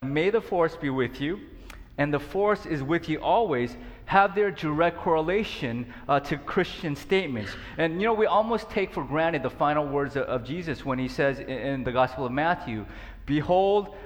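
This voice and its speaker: A man's voice: a little high, in a large hall. A man preaching an earnest, conversational sermon, with frequent fillers and restarts. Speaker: pastor.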